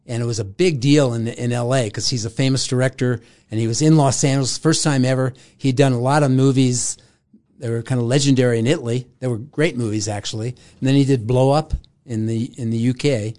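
A man's voice: mid-range voice, fairly even intonation, a little fast, darkish tone. An older man, a guest in an interview, telling a long story in casual talk with frequent laughs. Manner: rambling, laughs often, acts out quoted voices.

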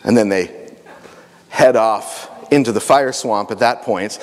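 A man's voice: fairly low pitch, measured pace. Playful man telling a story in an echoey hall. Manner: animated, joking asides. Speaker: speaker at a family camp.

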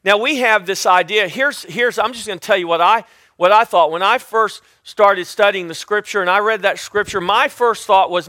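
A man teaching the Bible in a sermon, with a loud, emphatic delivery and frequent restarts. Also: sits high, moderate pace, no room sound, clean studio sound.

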